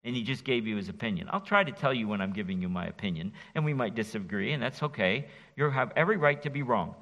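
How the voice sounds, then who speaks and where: A middle-aged pastor giving an expository sermon in a church, animated and folksy, joking with his congregation. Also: medium pitch, fast talker, muffled recording. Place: church sanctuary. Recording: reverberant church hall.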